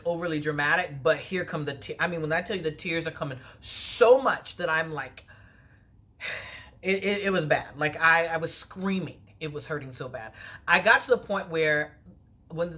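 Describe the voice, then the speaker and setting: A woman telling a personal story in a vlog, animated and lively, her voice leaping up when she replays her own words. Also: sits low, moderate pace. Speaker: vlogger.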